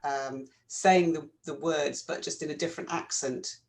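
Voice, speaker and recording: A woman's voice: sits low, fairly even intonation, normal speed. Thoughtful woman explaining. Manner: thoughtful, explaining, gentle fillers. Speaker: co-host. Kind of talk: casual chat.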